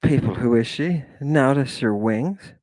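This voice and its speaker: In a livestream lecture, a man with a mid-range, somewhat dark voice speaks a little slowly and with animation, with no echo. He's theatrical and exclamatory, sighing often, making asides, and addressing his viewers as "people."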